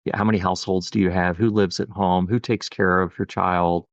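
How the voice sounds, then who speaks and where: A man's voice: low voice, fairly even intonation, brisk, no echo, highs cut off. A middle-aged man, a pediatric endocrinologist, talking earnestly and thoughtfully in a podcast interview, often saying "you know". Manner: earnest, reflective, with many "you know" fillers.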